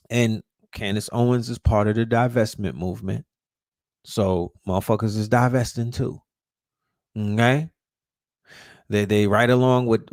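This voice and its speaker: A man's voice: lowish voice, dry recording, studio quality. A man ranting casually, emphatic and profane, often restarting words when fired up. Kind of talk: casual rant.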